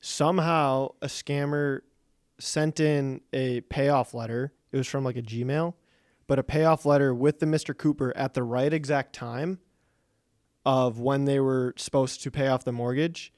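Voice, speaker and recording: A man's voice: mid-range voice, measured pace, dry recording, clean studio sound. A man hosting a podcast who chats casually and loosely, often filling with "like.". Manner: relaxed, loose, frequent "like" fillers. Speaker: podcast host. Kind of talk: casual chat.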